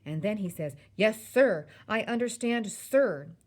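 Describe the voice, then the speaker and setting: Lady doing a flustered pompous dad on the phone, all yes sir, squeaky jumps. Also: animated, unhurried, a little mellow. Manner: flustered and deferential. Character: flustered self-important father on the phone.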